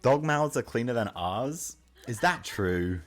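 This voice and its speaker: Chatty young man, lively pitch. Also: unhurried. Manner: chatty, reads and answers chat, swears casually. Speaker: streamer. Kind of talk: casual live-stream chat. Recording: faint music in the background. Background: faint music.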